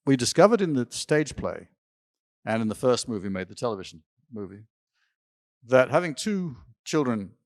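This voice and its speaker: A man's voice: mid-range voice, no echo, clean studio sound. An older man in an interview, telling rambling personal stories with occasional laughs and restarts. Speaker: interview guest. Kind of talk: storytelling in an interview. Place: symposium stage.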